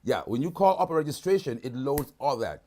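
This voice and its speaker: This man's warm, mid-range voice has a sing-song lilt and a fairly quick pace as he hosts a live video-call product demonstration. Casual throughout, he frequently checks in with "right?"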